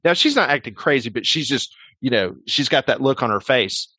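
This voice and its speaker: A man at a middle pitch tells a long story as a guest on a sports talk interview. He rambles casually and leans on fillers and restarts, and the sound is close and dry. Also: expressive, brisk, pushed and bright, breathy edge, no echo. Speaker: sports radio host, guest.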